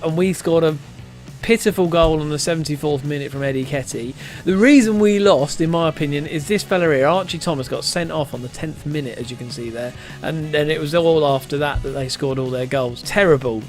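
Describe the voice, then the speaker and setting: Jokey man narrating a game. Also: on the high side. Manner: jokey, self-mocking, breaks into silly sing-song bits. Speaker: gaming YouTuber. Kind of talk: casual game commentary.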